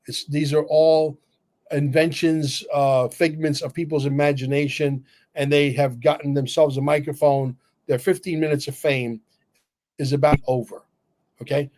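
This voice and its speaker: A man co-hosting a livestream, talking bluntly and emphatically, cursing and filling pauses with "uh". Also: on the high side, flat delivery, darkish tone. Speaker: livestream co-host. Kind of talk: opinionated livestream talk.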